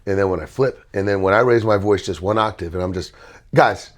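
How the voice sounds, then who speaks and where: A middle-aged man with a very deep voice speaks calmly and evenly. He leads a relaxed interview about coaching and sounds measured. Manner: calm, measured, even-tempered. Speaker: host and basketball trainer. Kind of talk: casual interview chat.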